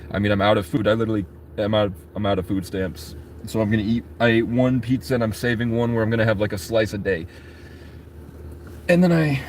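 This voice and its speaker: A man's voice: lowish voice, a little hiss or hum. A man vlogging in casual, rambling chat, swearing freely and talking straight to his viewers. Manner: rambling, profane, talks to chat.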